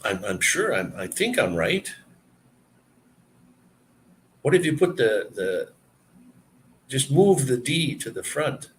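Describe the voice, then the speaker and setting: A man hosting a live stream, telling a story and answering viewer comments in a relaxed, chatty way. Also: medium pitch, a little slow, a little hiss or hum. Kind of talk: casual live-stream chat.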